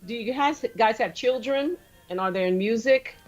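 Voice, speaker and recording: A woman's voice: on the high side, normal speed, muffled recording, soft background music. A woman chatting playfully on a radio talk show, laughing while she talks. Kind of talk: casual chat.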